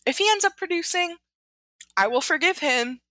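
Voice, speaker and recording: A woman's voice: very high-pitched, lively intonation, moderate pace, bright, forceful tone, dry recording. A woman co-hosting a podcast in casual chat, blunt and teasing. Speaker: podcast co-host.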